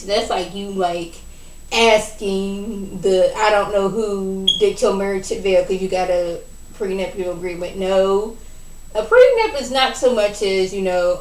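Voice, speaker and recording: Chatty woman recapping a reality show. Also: mid-range voice. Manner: animated, chatty, acts out quotes. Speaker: TV recap vlogger. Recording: roomy echo, mic at a distance.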